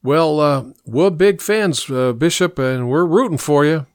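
A man reading an audiobook, voicing a nervous young man who stammers and fills pauses. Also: fairly high pitch, clean tone, dry recording, studio quality, voice pushed up, close to an everyday voice. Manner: hesitant, stammering with fillers.

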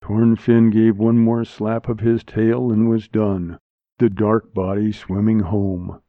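Male volunteer reader, mid-pitched voice, very unhurried story narration, dry lo-fi studio recording. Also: level tone, dry recording. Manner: slow, measured, hushed reading. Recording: dull lo-fi dry studio sound.

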